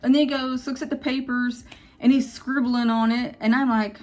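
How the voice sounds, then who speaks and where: A woman's voice: high voice, fairly even intonation, darkish tone. Emotional woman telling a story, faint music. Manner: emotional, quotes others in quick retold dialogue. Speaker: vlogger. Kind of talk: casual storytime vlog.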